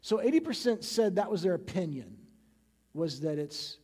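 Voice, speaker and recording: A man with a notably high voice gives a sermon in a church sanctuary, and his words ring out with a long reverb. His delivery is casual and conversational, and he keeps tossing in tag questions to check that the congregation is following. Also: very animated, normal speed, warm tone, breathy edge. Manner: casual, frequently adds tag questions like "right?". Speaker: pastor. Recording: long reverb of a large hall.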